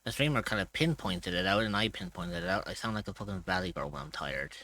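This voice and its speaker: Tired, rambling man with a bright voice. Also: low voice, fast, dry recording. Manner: rambling, loose, swears casually. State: tired and groggy. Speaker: streamer. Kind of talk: casual chat on a live stream.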